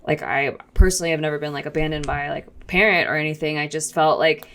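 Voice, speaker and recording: A woman's voice: sits low, fairly even intonation, fast, fairly bright tone. A young woman, a podcast co-host, talking casually and rambling with many "like"s, teary and emotional. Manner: rambling, heavy use of "like", laughs through tears. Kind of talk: casual chat.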